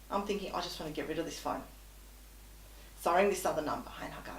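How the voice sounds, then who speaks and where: A woman's voice: lowish voice, lively intonation, fast, recorded from a distance, slight background noise. A woman guest telling an anecdote in conversation, animatedly acting out both sides of the dialogue. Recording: echoey room.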